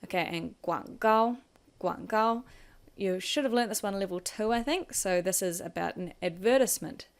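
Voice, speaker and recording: A woman's voice: mid-range voice, normal speed, smooth. A woman teaching a vocabulary lesson, patiently explaining each word and modelling the tones. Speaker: Chinese language teacher.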